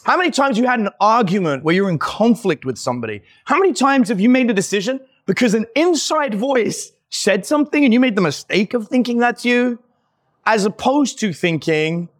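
A man talking as a podcast guest, telling lively stories and acting out the people he quotes, with lots of "like" fillers. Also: high-pitched, brisk. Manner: animated, acts out quoted voices, many "like" fillers. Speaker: podcast guest, dating company owner. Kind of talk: casual conversational storytelling.

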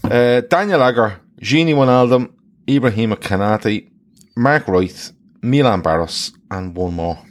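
A man's voice: medium pitch, expressive, a little slow. A man hosting a football quiz podcast, chatting casually and swearing freely. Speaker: quiz host.

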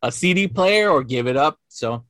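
A man, likely in his forties, telling stories in a casual podcast chat, animated and full of swearing, acting out the voices in his tales. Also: fairly high pitch, normal speed, dry recording, clean studio sound. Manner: animated storyteller, swears a lot, acts out quotes. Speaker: podcast guest.

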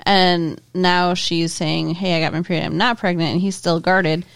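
A woman's voice: lowish voice, fairly even intonation, normal speed, vocal fry, clear, resonant tone, no room sound, clean studio sound. A woman co-hosting a podcast, chatting frankly and casually about a TV episode, laughing often. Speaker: podcast co-host. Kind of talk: casual chat recapping a TV episode.

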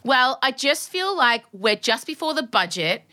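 Australian woman, podcast co-host, high bright voice, animated storytelling, has a cold. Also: measured pace. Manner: animated storyteller acting out both sides of a conversation. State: sick with a cold. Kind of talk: casual chat.

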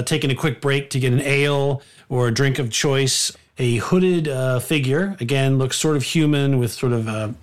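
A man narrating as game master of a tabletop game, relaxed and full of fillers. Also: mid-range voice, clean tone.

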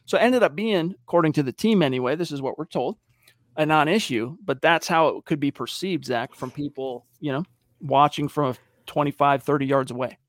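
Male podcast host, slightly high voice, lively storyteller, dry close sound. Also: a little fast, dry recording. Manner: animated storyteller, acts out quotes. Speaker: podcast host reading viewer questions. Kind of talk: casual sports podcast talk.

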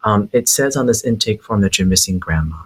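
Husky-voiced man telling a story. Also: fairly low pitch, a little fast. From Hawaii. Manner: lively storyteller who laughs as he tells it. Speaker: psychic medium guest. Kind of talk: casual storytelling.

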